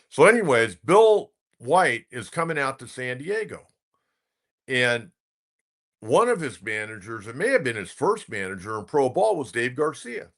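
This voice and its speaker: A middle-aged man with a bright, forward voice, talking like a seasoned sports radio host. He wanders through an anecdote in casual commentary, doubling back and restarting phrases as the memories come. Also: mid-range voice.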